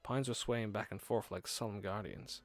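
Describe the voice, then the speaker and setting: A man's voice: on the low side, normal speed. A man streaming a horror visual novel, reading the story aloud dramatically with laughing asides. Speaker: gaming streamer.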